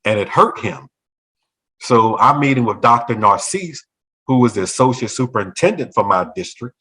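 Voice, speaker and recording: Animated storytelling man. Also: medium pitch, moderate pace, low-quality recording. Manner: animated, acts out other people's voices in quotes. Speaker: former school principal. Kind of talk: storytelling in a talk show conversation.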